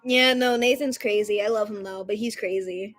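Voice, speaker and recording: A woman in her twenties chatting casually and rambling on a live stream, loud at times. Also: mid-range voice, moderate pace, soft background music.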